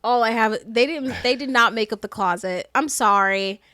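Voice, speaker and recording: A woman co-hosting a podcast, chatting casually and telling quick stories with a laugh. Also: a little high, pushed and bright, no echo, clean studio sound. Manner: chatty, laughing, storytelling asides. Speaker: podcast co-host. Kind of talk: casual podcast chat reacting to clips.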